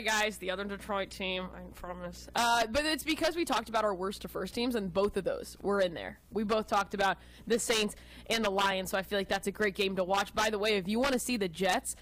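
A woman from Texas co-hosting a sports radio show, chatting about football in an animated, joking way. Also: mid-range voice, rough recording. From Austin, Texas. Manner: chatty, animated, quick to joke. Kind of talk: casual sports talk.

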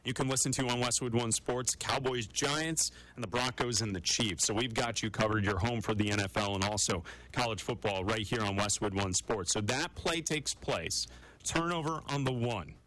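Brisk man co-hosting sports radio. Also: medium pitch, a bit bright, no room sound, rough recording. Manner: brisk, conversational, reads promos quickly. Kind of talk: sports radio talk show.

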